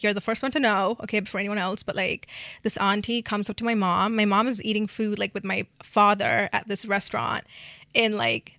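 A woman's voice: medium pitch, a bit bright, dry recording, clean studio sound. A tired young woman hosting her own podcast from her bed, rambling casually with lots of swearing and fillers. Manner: rambling, profane, full of "like". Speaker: podcast host. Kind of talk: casual chat.

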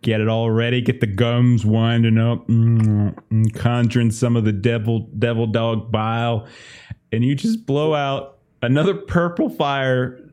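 A man's voice: medium pitch, steady tone, measured pace, darkish tone. A man narrating a tabletop game as game master in a loose, chatty way. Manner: loose and chatty, often laughing.

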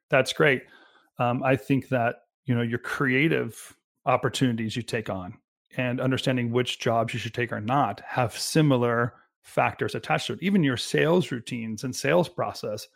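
Gravelly-voiced man, halting co-host. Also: mid-range voice. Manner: halting, restarts sentences often. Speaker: podcast co-host. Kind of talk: casual business discussion.

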